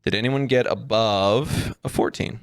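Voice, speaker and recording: A man's voice: lowish voice, unhurried, smooth. A man narrating as game master of a tabletop game, rambling with many ums and likes.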